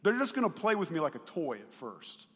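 Male pastor preaching to a congregation, a touch high-pitched, lively swings in volume, chatty asides, long church reverb. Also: a little fast. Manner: animated, swings between loud emphasis and quiet asides; conversational, asks the congregation questions. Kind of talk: sermon.

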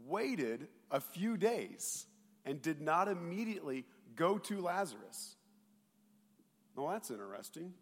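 Animated pastor preaching in a reverberant hall. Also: male voice, a little high. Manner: animated storytelling, mocking voices of doubters, sometimes shouting. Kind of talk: sermon. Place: church sanctuary.

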